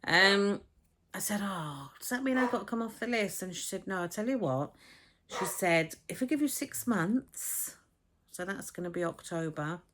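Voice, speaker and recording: A woman's voice: mid-range voice, animated, normal speed, a bit bright, a little hiss or hum. Blunt, chatty woman in her fifties. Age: 50s. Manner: blunt and frank, swears freely, acts out conversations. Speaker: vlogger. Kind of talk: casual chatty vlog. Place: home, with a dog barking next door. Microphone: camera on a tripod.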